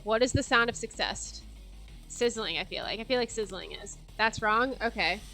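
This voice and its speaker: Young woman streamer, higher voice, playful and foul-mouthed, reads game text with faint music behind. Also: lively intonation, normal speed, vocal fry, pushed and bright. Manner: playful, jokey, swears casually. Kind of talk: reading a game aloud with commentary.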